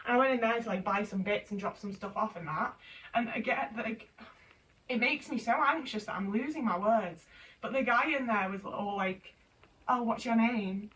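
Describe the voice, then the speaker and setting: A woman's voice: fairly high pitch, a bit bright, distant mic, low-quality recording. Woman in her twenties, casual venting, rambling and sweary, a bit away from the mic, faint hiss. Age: 20s. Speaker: vlogger. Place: home room, folding laundry.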